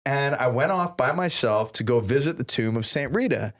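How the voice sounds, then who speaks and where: A man co-hosting a podcast, telling a story in a casual, animated way and acting out the people he quotes. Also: medium pitch, moderate pace. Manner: animated, acts out quoted voices with big laughs. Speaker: podcast co-host. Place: podcast studio.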